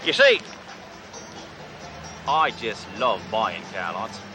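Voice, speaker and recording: A blustering, boastful fake-Aussie tycoon, as a man puts on the voice swaggers through his lines with a hammy drawl. Music plays clearly behind him in this TV comedy scene. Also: lowish voice, expressive, takes it slowly, sharp tone, heavily acted. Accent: fake Australian. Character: brash loud male cop posing as an Aussie tycoon.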